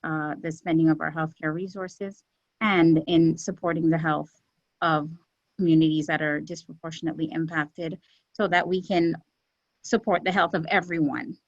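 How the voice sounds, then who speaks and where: An earnest woman with a lowish voice speaks as a guest on a podcast, measured and steady, with frequent pauses and fillers. The audio is muffled and dry, with no room sound at all. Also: no echo. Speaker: executive director of a community health center, guest. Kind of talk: podcast interview answers.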